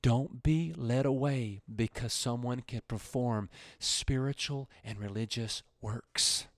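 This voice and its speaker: A male pastor preaching a radio sermon, his voice swelling loud and high, then dropping low and quiet. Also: slow, no echo.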